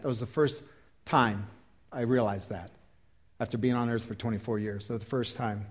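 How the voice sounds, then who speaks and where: A man in his fifties preaching a sermon and leading an altar call, emphatic and swinging from loud exhortation to quiet pleading. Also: medium pitch, moderate pace. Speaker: pastor.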